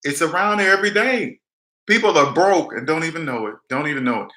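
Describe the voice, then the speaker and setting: A man's voice: fairly high pitch, animated, fast talker, pushed and bright, echoey room. A man giving blunt, emphatic money advice in a casual chat, repeating his points and acting out the people he quotes. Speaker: debt advice vlogger. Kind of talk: casual live-stream advice talk.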